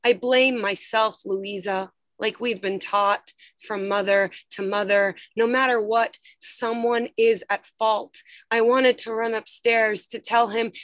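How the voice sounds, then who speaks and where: A woman reading her own poetry aloud over a video call, slow, measured and quiet. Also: a little high, no room sound.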